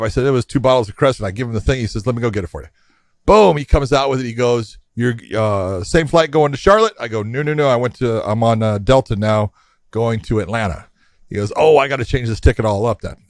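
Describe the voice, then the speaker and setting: A man's voice: mid-range voice, dry recording. A middle-aged man, co-host of a combat sports podcast, telling a long travel story in casual chat and laughing as he acts out the exchanges. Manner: animated anecdotes, laughs often, acts out quoted exchanges.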